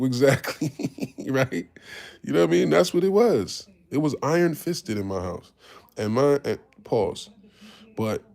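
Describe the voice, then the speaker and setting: A man's voice: mid-range voice, big pitch swings, a little slow, gravelly, long pauses, darkish tone. A man, telling his life story in casual talk, candid and profane, acting out the voices of people he quotes. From Harlem, New York. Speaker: podcast host.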